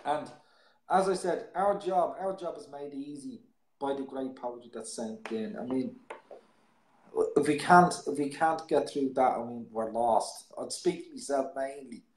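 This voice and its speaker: A man's voice: medium pitch, a little slow, a little mellow. A man hosts a live poetry show, talking casually and at length. He rambles, stumbling over and repeating his words as he goes. The sound is roomy, with a noticeable echo. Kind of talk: casual live-stream chat.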